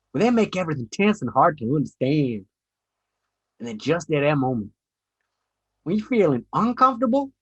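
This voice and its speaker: A man's voice: on the high side, slightly rough, no room sound, muffled recording. A man giving a reflective monologue with mock American slang.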